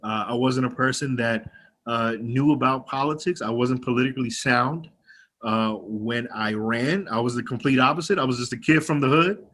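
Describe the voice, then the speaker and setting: A man's voice: medium pitch, normal speed, a bit bright. Blunt young man with a twang, rousing. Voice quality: a twang in his voice. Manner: candid and blunt, swears freely, rousing. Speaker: county legislator speaking to an activist group. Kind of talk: personal speech at an online meeting. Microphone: video call.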